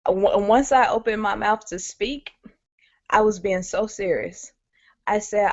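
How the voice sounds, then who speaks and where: A woman's voice: medium pitch, a little slow, no echo. A woman sharing a personal story candidly on a webinar, talking conversationally with many fillers. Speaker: guest speaker. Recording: muffled lo-fi audio.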